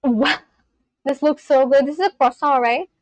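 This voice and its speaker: A young woman from India chatting casually on a livestream, reading out viewers' comments and reacting with gushing excitement. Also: high voice, moderate pace, dry recording, poor audio. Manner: gushing, reads chat aloud and reacts.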